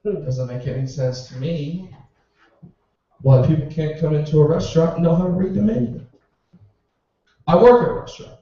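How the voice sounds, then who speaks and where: A man's voice: a little high, moderate pace, pauses often, dark tone. A young man doing a stand-up routine, ranting in exasperation and swearing. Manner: exasperated rants with profanity. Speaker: stand-up comedian. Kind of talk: stand-up routine at a comedy club. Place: small comedy club. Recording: roomy, distant, muffled club recording.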